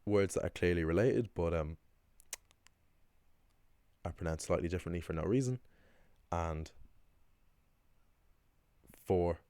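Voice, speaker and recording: A man with a very deep, low voice explains language points in a loose, chatty way, often pausing with ums and restarting sentences. The sound is close and dry, with no room around it. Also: mellow, clean tone, dry recording. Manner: chatty, rambling, frequent ums and self-corrections. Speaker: Irish language teacher. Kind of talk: casual explanatory lesson.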